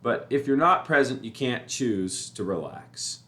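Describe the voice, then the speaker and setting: A man talking in a casual, rambling way about staying calm, repeating himself and getting animated when he describes panicking. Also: mid-range voice, a little slow. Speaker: motivational speaker. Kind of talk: casual spoken reflection.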